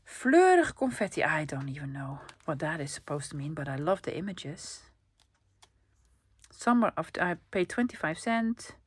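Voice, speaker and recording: This vlogger, a native Dutch speaker from the Netherlands, talks through her thrift haul casually and eagerly, cooing at the pictures. Her low voice is sing-song and breathy-edged, moving at a moderate pace.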